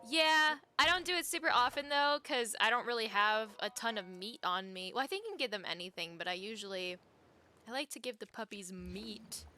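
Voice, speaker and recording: A young woman with a light Wisconsin Midwestern accent, talking to her chat in a chatty, excitable way and breaking into laughs. Her voice sits a little high and sounds bright and sharp. It is picked up close on a streaming mic. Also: fairly quick. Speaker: game streamer. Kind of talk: casual live-stream chat while playing.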